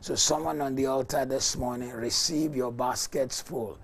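A male pastor leading a fervent morning prayer sermon, declaring loudly, dropping to whispers and speaking in tongues. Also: mid-range voice, steady tone, moderate pace, hardly any pauses, husky.

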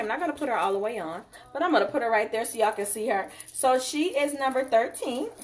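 A woman hosting a live jewelry sale, chatting casually and warmly addressing viewers as y'all and honey. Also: a little high, recorded from a distance.

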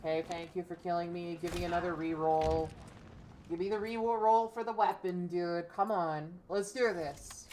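Cursing young woman gamer, low voice. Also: fairly even intonation, normal speed, darkish tone, slight background noise. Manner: profane, frustrated ranting to herself. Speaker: gaming streamer. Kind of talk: casual gameplay commentary.

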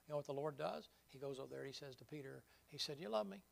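A man's voice: mid-range voice, flat delivery, fast, creaky. A man preaching a sermon in a folksy, vivid storytelling manner.

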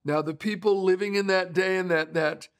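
A middle-aged man delivers a sermon in an earnest, conversational way, weaving in stories. His voice sits a little higher than most men's. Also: steady tone, normal speed. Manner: earnest, conversational preaching with storytelling. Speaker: pastor.

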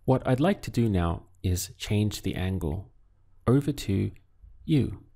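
A man teaching a Spanish lesson in a calm, measured voice, asking the listener to answer and then giving each phrase. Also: on the low side, vocal fry. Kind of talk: scripted language lesson.

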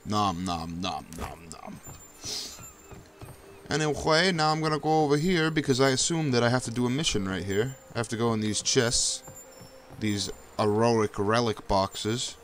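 A young man casually narrating his own gameplay, swearing often and breaking into high yelps when danger shows up. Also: normal speed, fairly bright tone. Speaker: gameplay commentator. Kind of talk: casual let's-play commentary.

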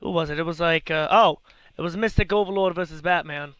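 Excitable high-voiced man commentating a game. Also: brisk, clean tone, dry recording. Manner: excitable, profane, chatty. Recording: noisy home recording.

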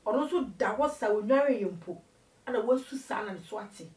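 A woman telling her life story in an interview, an animated storyteller who switches between Twi and English. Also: fairly high pitch, fairly quick, roomy sound, distant mic, low-quality recording. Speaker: interview guest.

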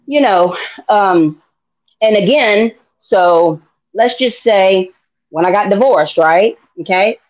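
A middle-aged American woman sharing her faith testimony in an interview, animated and acting out dialogue in voices. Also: medium pitch, takes it slowly, dull audio. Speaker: guest.

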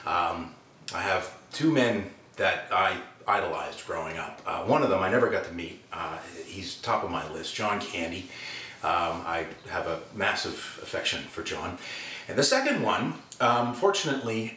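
Animated man telling a story. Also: low voice, unhurried, distant mic, a little hiss or hum. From Canada. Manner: animated, acts out quotes. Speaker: actor. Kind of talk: anecdotal storytelling. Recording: roomy room, speaker set back from mic.

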